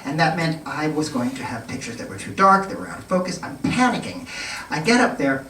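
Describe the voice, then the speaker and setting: A man telling a funny story live on a nightclub stage, animated, laughing and stumbling over his restarts. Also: fairly high pitch, brisk, vocal fry, a crowd in the background. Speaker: storyteller in a cabaret show. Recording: roomy live sound from a distant mic.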